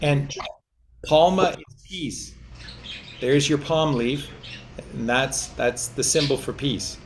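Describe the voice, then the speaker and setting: A man's voice: medium pitch, takes it slowly. Emphatic male host, noisy recording. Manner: forceful, repeats words for emphasis. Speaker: show host. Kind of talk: emphatic monologue, then hosting a video call.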